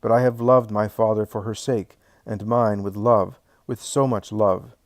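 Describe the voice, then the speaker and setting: A man narrating a first-person memoir in a slow, measured, emotional way, building to swelling emphasis on key phrases. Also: fairly low pitch, steady tone, dry recording, clean studio sound. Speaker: audiobook narrator.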